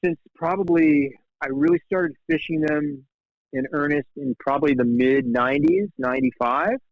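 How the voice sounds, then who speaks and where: Sex: man. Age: 50s. Role: guest, fly fishing guide. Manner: animated storyteller who acts out quoted dialogue. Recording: dry, dull podcast audio. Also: fairly high pitch, normal speed, gravelly, no echo. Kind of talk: casual storytelling in conversation.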